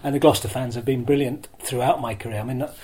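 An older man, a former broadcaster being interviewed, telling self-deprecating stories in a chatty, lively way. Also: mid-range voice, fast, poor audio. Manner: lively storyteller who acts out crowd shouts. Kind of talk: anecdotal interview storytelling.

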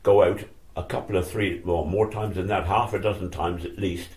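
A man's voice: sits low, steady tone, normal speed, darkish tone. An older man telling old stories in a rambling, self-correcting way during an interview. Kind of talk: reminiscing oral history.

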